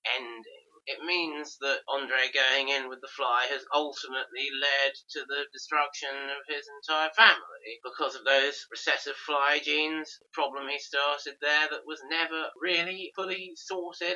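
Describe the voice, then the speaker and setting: A man's voice: on the high side, bright, forceful tone. A man hosting a podcast, musing about films in long, reflective arguments. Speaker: podcast host. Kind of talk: casual film discussion. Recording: dull lo-fi podcast audio.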